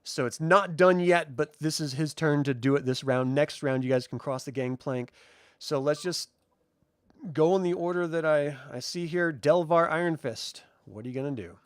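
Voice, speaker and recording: A man's voice: a little high, normal speed, clear, resonant tone, no echo, studio quality. A man running a tabletop game as game master, explaining rules patiently and laughing easily.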